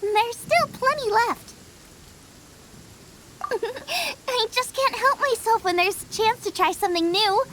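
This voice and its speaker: A woman voicing a cheerful young female chef in a video game, bubbly and excitable about food. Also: extremely high pitch, slow, pauses often, a little hiss or hum, exaggerated voice. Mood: explaining. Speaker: game character. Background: game music.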